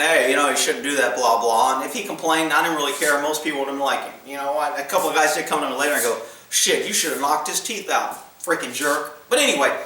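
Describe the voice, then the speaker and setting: A man's voice: high-pitched, bright, forceful tone, far from the mic. Blunt man telling stories in an echoey room. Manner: blunt, laughing, acts out voices in quotes. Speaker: former military police officer telling stories. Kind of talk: casual storytelling.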